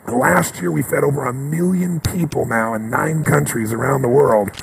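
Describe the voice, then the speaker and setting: Gravelly impassioned male motivational speaker. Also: medium pitch, normal speed, slight background noise, low-quality recording. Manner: impassioned, storytelling, swings from loud to hushed. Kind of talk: motivational speech.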